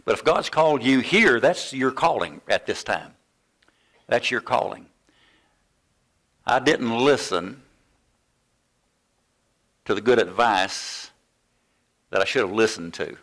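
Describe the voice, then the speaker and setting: Older male pastor, sermon delivery, lively storyteller, medium voice. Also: mid-range voice, slow pace, long pauses. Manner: animated storytelling, acts out quoted voices.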